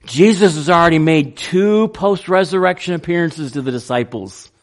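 A man preaching a sermon, unhurried and halting, with frequent fillers and restarts. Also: a little high. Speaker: pastor.

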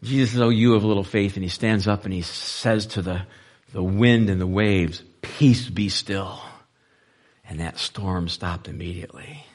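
Man preaching with big swings in loudness. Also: unhurried. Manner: swings between loud emphatic lines and soft, low-voiced passages. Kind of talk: sermon.

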